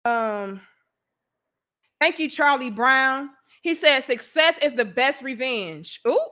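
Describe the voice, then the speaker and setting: Woman host, high and bright, talks animated and blunt, slangy live-stream chat. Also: takes it slowly. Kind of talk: casual live stream chat reading donations.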